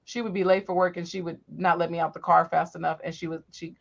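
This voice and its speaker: A woman telling animated, profane stories from her youth in a casual chat. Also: lowish voice, fast talker, creaky. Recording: dull lo-fi audio.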